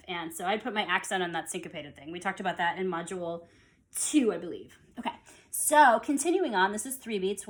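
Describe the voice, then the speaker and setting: A woman teaching an online music theory lesson, counting beats aloud and explaining in a relaxed, conversational way. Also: fairly low pitch, fairly quick. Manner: relaxed and conversational, with fillers and restarts.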